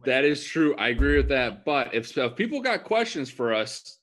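A man's voice: medium pitch, very animated, moderate pace, fairly bright tone. A young man co-hosting a casual live-stream chat, teasing in easygoing banter. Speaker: co-host.

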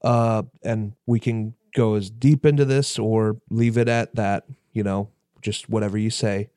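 A man's voice: lowish voice, steady tone, a little slow, dark tone, dry recording, clean studio sound. A man co-hosting a casual podcast, hesitant and full of fillers. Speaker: podcast co-host. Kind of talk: casual chat.

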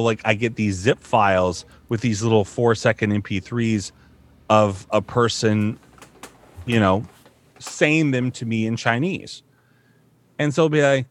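A voice-over artist chatting casually, rambling with lots of fillers and acting out snippets of narration reads. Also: male voice, mid-range voice. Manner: rambling, animated, full of "like" and mock voice-over reads. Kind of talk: casual storytelling chat.

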